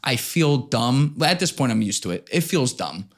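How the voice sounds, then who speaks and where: A man as a podcast guest in casual chat, telling stories in an animated way, with plenty of swearing and acted-out quotes. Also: medium pitch, normal speed. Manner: animated, profane, acts out quotes.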